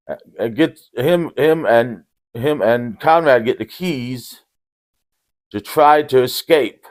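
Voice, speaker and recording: Man, casual movie review, deadpan humor, rambling restarts, mid-pitched voice. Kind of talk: casual film recap with jokes.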